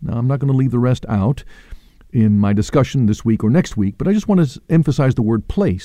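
A man gives a radio Bible talk in a mellow, warm voice that rises and falls with feeling. The sound is dry and close, and he speaks earnestly, stressing the words he wants to land. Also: mid-range voice, lively intonation, a little fast, dry recording. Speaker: radio Bible teacher and host.

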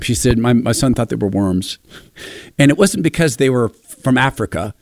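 A man's voice: medium pitch, normal speed, no echo. Man telling stories, dry sound. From Spokane, Washington, USA. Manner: animated storyteller acting out quoted voices. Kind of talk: reflective monologue.

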